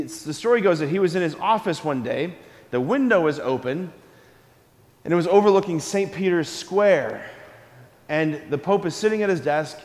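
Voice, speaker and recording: Priest, male, high pitched, energetic homily with call-and-response, long church reverb. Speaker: Catholic priest. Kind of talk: homily at a school mass.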